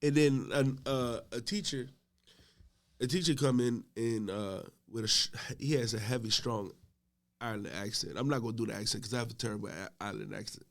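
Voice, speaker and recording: A middle-aged man, a podcast guest, telling a story in casual chat. He starts out laid-back and gets loud and laughing as the story builds. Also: medium pitch, fairly even intonation, a little fast.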